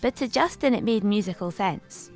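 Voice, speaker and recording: A woman with a medium-pitched, expressive, slightly mellow voice hosts a documentary podcast. She narrates from a script and asks interview questions clearly and in a measured way, with soft music playing in the background.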